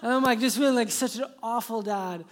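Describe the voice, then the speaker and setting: Male pastor, sermon delivery; animated storyteller who drops to a hush for the tender parts. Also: very high voice, brisk. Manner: animated storytelling, dropping to soft hushed tones.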